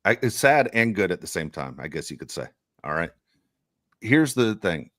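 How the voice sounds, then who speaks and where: A man co-hosting a casual sports podcast, telling rambling, animated stories. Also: sits low, moderate pace, no room sound, studio quality. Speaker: podcast co-host; youth baseball coach.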